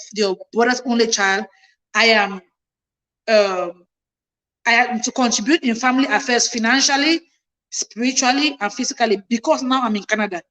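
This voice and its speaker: A woman's voice: fairly high pitch, bright, forceful tone, poor audio. A woman in her thirties telling a personal family story to her viewers, emphatic and passionate, her voice climbing when she gets indignant. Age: 30s. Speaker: livestream host.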